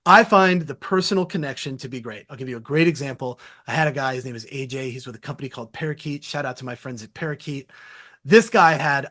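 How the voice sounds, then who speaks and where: A man guesting on an interview show, talking about sales in an energetic, candid and slangy way. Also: a little high, quick pace. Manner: energetic, animated storytelling with laughs. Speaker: sales podcast host as guest. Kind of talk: casual conversational interview.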